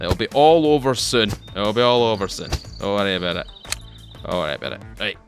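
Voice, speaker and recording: A man's voice: low-pitched, a little fast, fairly bright tone, faint music behind. A man with a Scottish accent giving casual, rambling commentary to his viewers while playing a game, often repeating and restarting his phrases. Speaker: gaming YouTuber.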